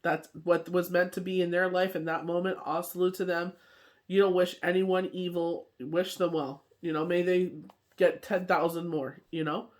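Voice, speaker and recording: A woman's voice: fairly low pitch, little pitch movement, moderate pace. A woman gives a casual daily tarot reading in a loose, rambling way, dropping "you know" and "like" into nearly every sentence. She laughs easily as she talks. Her voice sounds tired, as though she is worn out from coughing. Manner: laughs often while telling stories. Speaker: tarot card reader.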